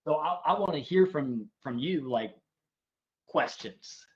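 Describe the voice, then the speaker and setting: A man, a homesteader guest on a podcast, telling a funny animal story in a casual, animated, self-deprecating way. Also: fairly high pitch, slow, highs cut off.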